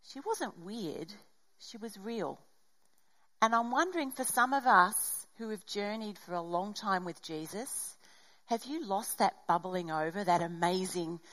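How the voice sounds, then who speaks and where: Middle-aged woman preaching, animated. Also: medium pitch, measured pace, low-quality recording. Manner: animated storytelling, acts out dialogue. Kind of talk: sermon with personal story.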